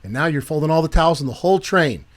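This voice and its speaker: A man co-hosting a Christian podcast in casual chat, jumping from animated joking to earnest preaching. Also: fairly high pitch, fast talker. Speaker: podcast co-host.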